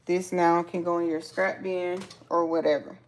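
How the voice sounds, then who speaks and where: A woman hosting a casual live sewing tutorial, chatting to her viewers as she cuts vinyl pieces, with features and frequent excited exclamations. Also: on the low side, normal speed, background noise.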